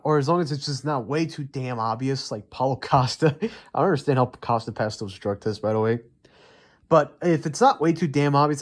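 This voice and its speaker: A young man ranting heatedly and profanely in unscripted commentary, rambling with many fillers. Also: medium pitch. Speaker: MMA commentary YouTuber.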